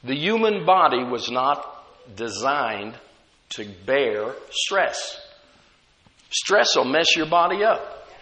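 A man's voice: mid-range voice, sing-song, slow, pushed and bright, in a large hall. A man preaching a sermon as pastor, conversational, with frequent rhetorical questions to the congregation.

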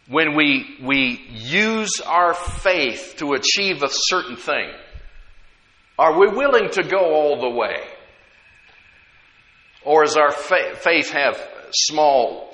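A man's voice: fairly high pitch, pushed and bright. A man preaching a sermon to a congregation, often asking them to respond. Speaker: pastor. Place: church sanctuary. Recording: echoey hall with long reverb.

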